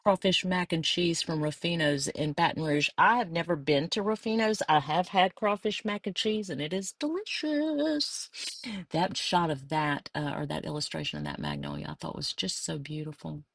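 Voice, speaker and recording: A woman's voice: low-pitched, very animated, normal speed, dry recording, clean studio sound. A middle-aged woman from Louisiana with a South Louisiana accent, chatting fondly and meandering through a craft flip-through.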